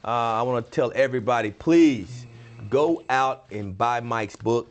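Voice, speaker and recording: A man's voice: medium pitch, a little slow. A middle-aged man from Texas hosting a casual talk show, agreeing often and wrapping up with thanks and plugs. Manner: affirming, short agreeing replies. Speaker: host.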